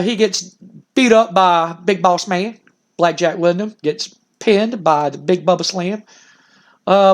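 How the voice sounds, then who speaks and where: High-voiced man narrating a game. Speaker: game commentator. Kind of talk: casual storytelling over a wrestling sim.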